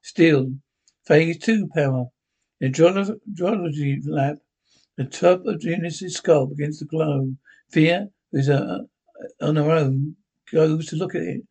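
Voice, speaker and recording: A man's voice: on the high side, unhurried, creaky, mellow, slightly rough. A man reading a script and its stage directions aloud in a plain way, with small slips and restarts.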